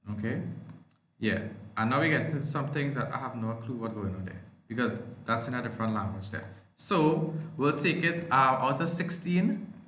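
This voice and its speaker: A man's voice: medium pitch, a bit bright. A man with a Trinidadian accent teaching an online language arts lesson, explaining step by step and asking and answering his own questions. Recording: echoey room.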